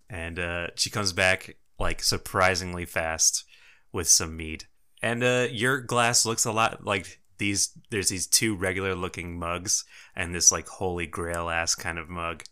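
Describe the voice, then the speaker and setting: A man narrating as game master of a tabletop game, casual and quick to laugh. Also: low voice, level tone, sharp tone, clear, resonant tone.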